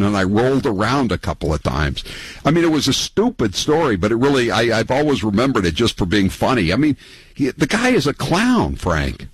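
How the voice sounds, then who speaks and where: A man's voice: fairly low pitch, slightly rough, no echo, poor audio. A man hosting a call-in radio show, telling rambling, mocking stories between callers. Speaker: talk radio host. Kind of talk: casual call-in radio chat.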